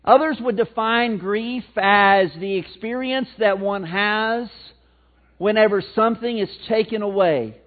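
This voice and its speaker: High-voiced missouri preacher guy, folksy sermon, sounds like a phone line. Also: measured pace. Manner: folksy, swings from loud emphatic to low and quiet. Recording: tinny phone-like sound, mic cutting out.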